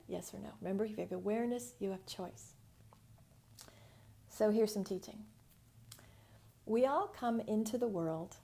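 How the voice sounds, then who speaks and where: A woman's voice: mid-range voice, mellow. An American woman, a business mentor, giving a frank, feisty teaching talk in a casual, live style. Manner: frank, feisty, uses slang and swearing.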